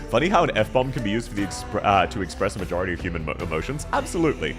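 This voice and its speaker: Lively young man streaming. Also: on the low side, fast, hardly any pauses, soft background music. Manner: rambling, animated, swears a lot, laughs often. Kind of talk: casual live-stream chat while gaming.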